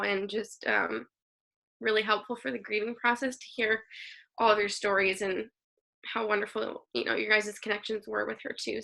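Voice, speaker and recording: A woman's voice: mid-range voice, creaky, sharp tone. A woman in her thirties on a video call, sharing memories at a memorial and laughing through her tears.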